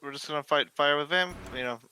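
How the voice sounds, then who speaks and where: Bright-voiced joking man at a game table. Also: a little high, slight background noise, poor audio. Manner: joking, quick quips. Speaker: player.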